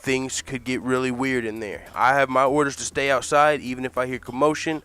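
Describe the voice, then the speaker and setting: Man doing a blunt bodyguard, casual delivery, bright voice, close to his own. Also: medium pitch, fairly even intonation, fairly quick, clear, resonant tone, close to an everyday voice. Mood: warning.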